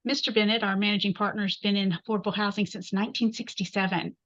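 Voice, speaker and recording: A woman's voice: mid-range voice, steady tone, quick pace, a bit bright. Upbeat woman host on a video call, slightly muffled. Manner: upbeat, chatty, folksy. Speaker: host and chapter president. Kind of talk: webinar host introduction.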